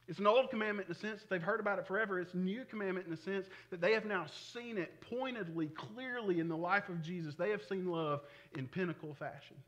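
A man, preaching a sermon in a conversational, animated way. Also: high voice, fairly quick, dull audio. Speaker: pastor.

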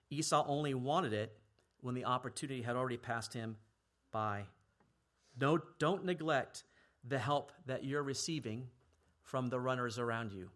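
A male pastor preaching a sermon earnestly, at times dropping to a hushed, grave tone for emphasis. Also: mid-range voice.

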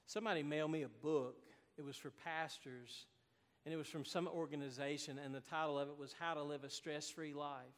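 Pastor, male, high voice, earnest sermon delivery, long hall reverb. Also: steady tone, a little fast. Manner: earnest preaching, rising to emphatic declarations.

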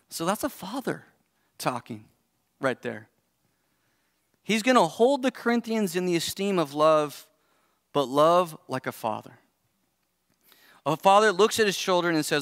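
A man's voice: high voice, expressive, measured pace, pauses often, no echo, studio quality. Earnest pastor, a man in his forties. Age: 40s. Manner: earnest, conversational, thinking aloud. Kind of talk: sermon. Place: church service.

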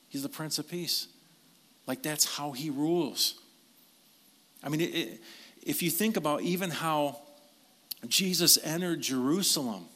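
A pastor delivering a conversational sermon, with chatty asides and questions to the congregation. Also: male voice, mid-range voice, creaky. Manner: conversational, animated preaching with asides.

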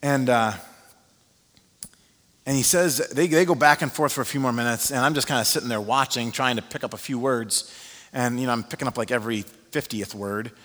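Male pastor, mid-pitched, chatty sermon storyteller with fillers; long hall reverb. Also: fairly quick. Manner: animated storyteller with frequent fillers.

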